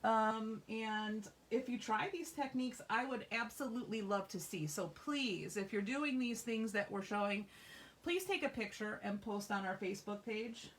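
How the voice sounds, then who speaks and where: A woman's voice: fairly high pitch, moderate pace. A woman hosting a live craft demonstration, chatty and upbeat, reassuring viewers as she shows a stamping technique. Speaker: craft workshop host. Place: craft store classroom.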